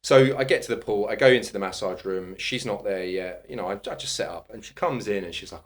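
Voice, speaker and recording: A man's voice: fairly low pitch, fast, hardly any pauses. A man, a personal trainer and podcast guest, telling a casual anecdote with lots of swearing and laughter. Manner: animated, swearing, laughing storyteller.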